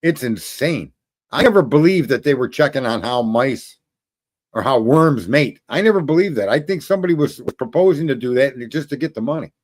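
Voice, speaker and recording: A man's voice: mid-range voice, lively intonation, fairly quick. A man hosting a show, ranting casually and rambling to viewers, swearing often and laughing at his own jokes. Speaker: show host.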